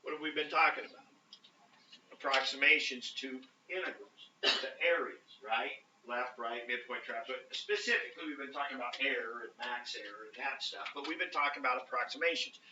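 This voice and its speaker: A man with a medium-pitched voice talks fairly quickly over a noisy background while teaching a math class. His lecture is casual, packed with fillers and frequent check-ins with students, and the classroom audio sounds roomy, distant and dull.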